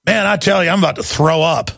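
Gravelly, ranting talk radio man. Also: on the high side, quick pace, fairly bright tone, no room sound, studio quality. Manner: ranting, impassioned, rough-voiced. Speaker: radio talk show host. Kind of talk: heated talk radio monologue.

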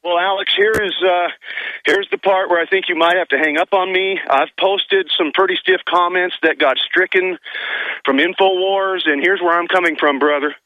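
A man's voice: high voice, steady tone, normal speed, dry recording. Agitated male caller on a phone line. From Colorado. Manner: agitated, impassioned ranting. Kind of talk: calling in to a talk radio show. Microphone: phone on speaker.

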